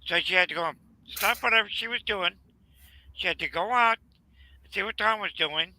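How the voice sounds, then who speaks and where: Gravelly bright-voiced Southern man. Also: high voice, a little hiss or hum, low-quality recording. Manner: rambling, halting, many fillers. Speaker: channel host. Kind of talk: casual storytelling chat.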